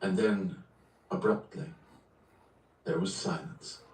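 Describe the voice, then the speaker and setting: A man reading a novel aloud on a livestream in a steady, measured way. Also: on the low side, vocal fry. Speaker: reader. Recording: roomy, distant from the mic.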